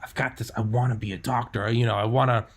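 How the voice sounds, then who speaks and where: A man's voice: mid-range voice, steady tone, quick pace, slightly rough. Candid young man hosting a podcast. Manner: candid, swearing, acts out his own inner voice. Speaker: podcast host. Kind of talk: casual podcast chat.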